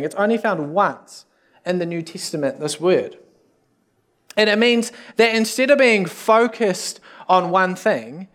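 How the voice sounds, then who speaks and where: A man, a youth pastor, preaching a sermon in a casual, joking way with self-deprecating asides. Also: high voice.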